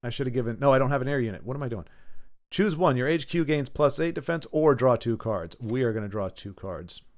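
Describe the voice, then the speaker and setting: A man's voice: mid-range voice, animated, fairly quick, darkish tone. A man giving casual, chatty commentary while playing a card game, thinking aloud and going off on tangents. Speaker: gaming YouTuber.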